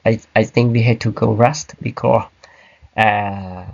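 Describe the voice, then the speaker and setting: A man teaching an online grammar class, explaining slowly and checking in with "right?" and "okay?". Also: on the low side, fairly even intonation, creaky, lo-fi sound. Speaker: English teacher. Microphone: computer mic on a video call.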